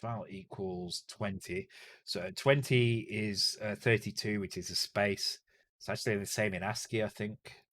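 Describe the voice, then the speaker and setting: A man's voice: lowish voice, fairly even intonation, measured pace, a bit bright. A man with a Northern English accent, streaming live as he codes and thinks aloud, muttering to himself, correcting himself and joking with casual swearing. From Northern England. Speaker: streamer coding a retro game.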